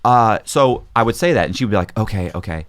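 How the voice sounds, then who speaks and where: A man with a fairly low voice tells a story as a podcast guest in relaxed conversation. His pitch swings widely as he acts out the voices of the people he quotes. He often breaks off and restarts his sentences. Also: quick pace. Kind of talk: casual storytelling.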